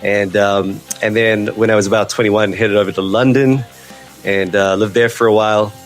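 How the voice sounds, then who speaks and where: A man in his forties from South Africa, speaking with a South African accent that has picked up other influences, chats in a relaxed, rambling way as a pastor and podcast guest. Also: lowish voice, normal speed, faint music behind. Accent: South African, mixed with other influences. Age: 40s. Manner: relaxed and rambling, with frequent restarts and "um"s. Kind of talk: casual interview chat. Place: New Zealand, remote.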